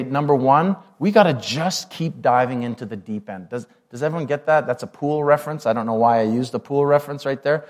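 Man, pastor, sermon, conversational, mid-pitched voice. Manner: conversational, asks the congregation questions.

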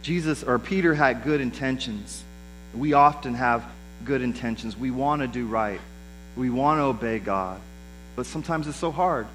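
Speaking at medium pitch and normal speed with a fairly bright tone, this pastor delivers a conversational sermon, voicing the people he quotes as if playing them. The recording is low quality, carrying a little hiss or hum.

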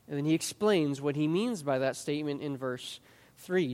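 High-voiced preacher in a reverberant hall. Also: male voice, sing-song, a little fast. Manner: earnest, emphatic, repeats words when restarting. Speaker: pastor. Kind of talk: expository sermon. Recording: long reverb of a large hall.

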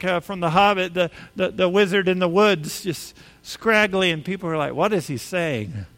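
A man preaching a sermon in a high voice. He talks to his congregation casually, then presses into animated, emphatic stretches when a point matters. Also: in a large hall. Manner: conversational, animated with rising emphasis. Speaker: pastor.

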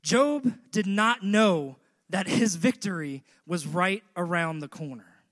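A male preacher delivering a sermon with rhythmic repetition that builds to shouts. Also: sits high, lively intonation, slow pace.

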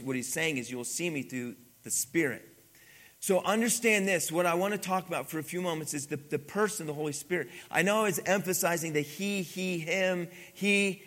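A male pastor preaching a sermon, reading scripture slowly and repeating key words for emphasis, sometimes asking the congregation questions. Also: on the high side, fairly bright tone.

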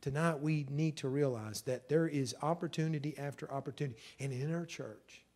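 A middle-aged man, preaching a sermon in an emotional storytelling way that swells loud at the peaks. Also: fairly high pitch, fairly quick. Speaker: pastor.

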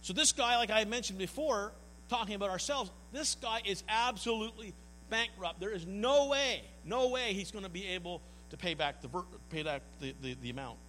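A man's voice: sits high, animated, brisk, sharp tone. A man preaching a sermon as pastor, earnest and folksy, often stumbling and repeating words. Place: church hall. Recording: long hall reverb, mains hum.

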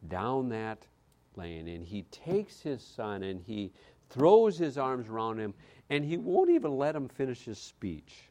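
A man preaching a sermon, reading scripture with dramatic swings between loud declaration and hushed quiet. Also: mid-range voice, big pitch swings, unhurried. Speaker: pastor.

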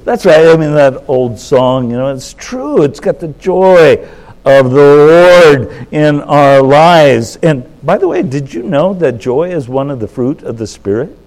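A man in his seventies, a pastor giving a conversational sermon, folksy and self-interrupting, jumping up in pitch for emphasis. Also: a little slow, rough recording. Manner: animated, jumps up in pitch for emphasis.

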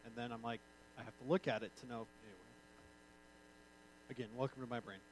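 A man's voice: mid-range voice, fairly even intonation, quick pace, slight background noise, rough recording. A male pastor giving an informal, conversational sermon with joking asides.

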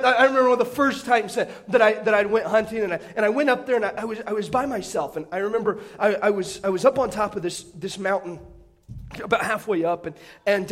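High-voiced man telling a lively sermon story. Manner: animated storyteller, self-deprecating humor, often restarts phrases. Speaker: pastor.

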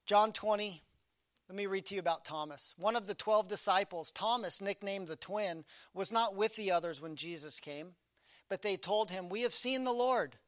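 Male pastor with a high, dry voice; dynamic sermon delivery, loud peaks dropping to a hush. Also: normal speed, dry recording. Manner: dynamic preaching, swinging from loud emphasis to hushed low delivery.

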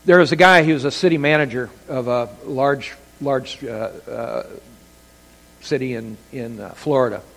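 A man preaching a sermon as pastor, telling stories with animated delivery and acting out quoted voices. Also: medium pitch, normal speed. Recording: long hall reverb.

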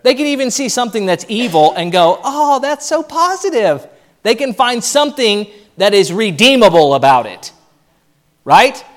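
High-voiced pastor preaching animatedly. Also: male voice, moderate pace. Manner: animated, acts out quoted voices. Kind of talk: sermon.

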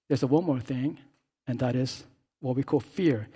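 A man preaching a sermon as pastor, swinging between hushed, quiet stretches and loud, impassioned calls. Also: medium pitch, moderate pace, breathy edge.

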